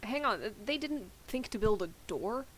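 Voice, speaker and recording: A woman's voice: a little high, lively intonation, moderate pace, slight background noise. A woman playing in a tabletop game, speaking in character in a skeptical, questioning way. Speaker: player.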